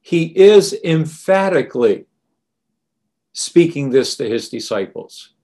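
A man preaching a sermon in a deliberate, emphatic way. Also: a little high, very animated, dark tone.

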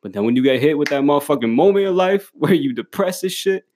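A man's voice: fairly high pitch, expressive, quick pace, a little mellow. A young man giving a casual motivational monologue to the camera, blunt and full of swearing and slang, often laughing as he talks. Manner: profane, blunt street slang, emphatic; laughs often while talking.

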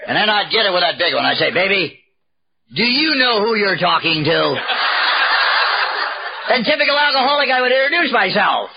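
Older guy spinning self-mocking stories at a meeting, voice sits high, dull old tape w/ faint hiss. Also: sing-song, moderate pace, pauses often. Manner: wry, self-mocking storyteller with comic timing. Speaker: recovery meeting speaker. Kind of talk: humorous personal storytelling talk. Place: live talk at a gathering.

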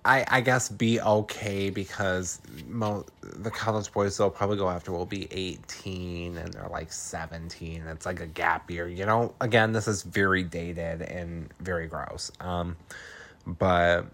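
A man's voice: low-pitched, fairly even intonation, measured pace, fairly bright tone. A man hosting a podcast, recapping a horror film in casual chat, laughing often, swearing freely and throwing in dramatic asides.

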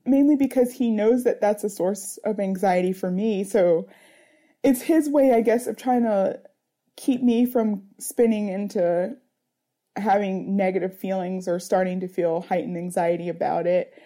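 A woman's voice: medium pitch, measured pace, dark tone. A woman in her thirties, a mother speaking earnestly in an interview, searching for words with many fillers. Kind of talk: reflective personal interview.

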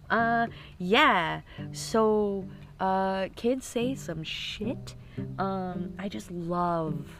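A woman in her thirties telling comic stories about her kids in a casual, rambling, profane way. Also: fairly low pitch. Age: 30s. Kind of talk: casual comic storytelling to camera.

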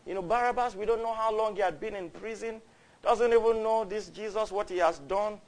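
High-voiced preacher. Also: male voice, fairly quick. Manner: fervent, builds to loud cries, storytelling. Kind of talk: sermon.

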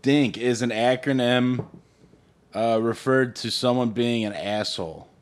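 Slow-talking man in crude podcast banter. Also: medium pitch. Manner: joking, laughs often, reads aloud from screen. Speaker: podcast co-host.

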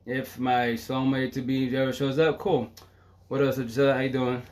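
A man's voice: medium pitch, flat delivery, normal speed. A middle-aged man talking casually on a live stream from home, rambling and emotional, swearing freely and laughing often.

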